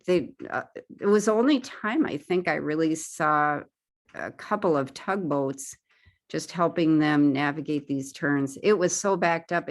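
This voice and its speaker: A woman speaking as a guest at a paddling club, casually describing her trip and pointing out pictures on her slides, with frequent fillers and restarts. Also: sits low.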